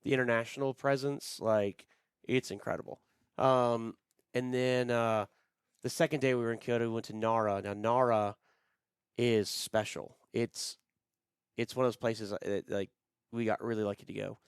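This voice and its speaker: A man with a smooth, clear voice talks in relaxed podcast chat, wandering through his stories with plenty of ums and uhs. The sound is close and dry, with no room behind him. He comes across as middle-aged and easygoing. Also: mid-range voice, normal speed, no echo. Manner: rambling, frequent fillers, friendly storytelling. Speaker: podcast co-host. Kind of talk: casual chat.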